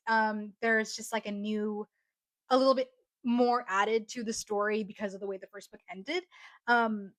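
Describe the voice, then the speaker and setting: A woman's voice: mid-range voice, a bit bright, no echo. A young woman chatting casually in a book review vlog, gushing and rambling with many fillers. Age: young adult. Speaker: book vlogger.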